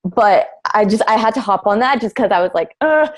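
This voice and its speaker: A woman's voice: mid-range voice, a little fast. Exasperated Canadian woman, casual talk. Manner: casual, exasperated, many "like" fillers. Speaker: mental health advocate. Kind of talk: live round-table discussion.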